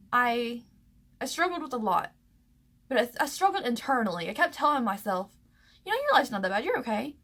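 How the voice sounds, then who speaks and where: A young woman from the American South talks to camera about her past, her voice sitting a little high. She stays close to tears throughout, halting and restarting with plenty of fillers. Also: fairly bright tone. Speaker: vlogger. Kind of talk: personal storytelling to camera.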